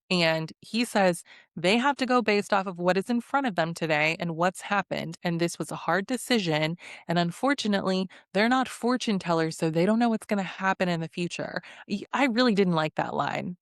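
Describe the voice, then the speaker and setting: A woman's voice: on the low side, no room sound, studio quality. A woman hosting a casual recap vlog of a reality show, talking bluntly and sarcastically, swearing and laughing often.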